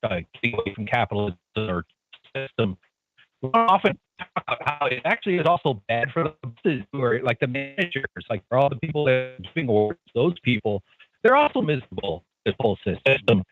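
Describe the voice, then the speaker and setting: A man calling in to a radio show, speaking haltingly with frequent restarts. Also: mid-range voice, big pitch swings. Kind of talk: casual call-in chat. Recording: dull lo-fi line with guitar music behind.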